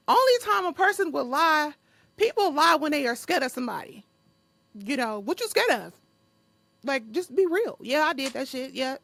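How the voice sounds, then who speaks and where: Blunt, profane young woman with a gravelly voice. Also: high voice, big pitch swings, moderate pace, fairly bright tone, dry recording. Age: young adult. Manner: blunt, profane, laughs often. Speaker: podcast host. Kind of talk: unscripted solo podcast monologue.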